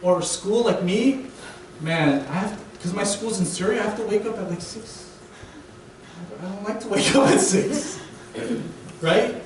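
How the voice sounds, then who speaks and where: Young man, guest preacher, casual sermon, slightly high voice, very echoey hall, distant mic. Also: expressive, unhurried, slight background noise. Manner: casual, keeps asking "right?". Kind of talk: conversational sermon. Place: church sanctuary.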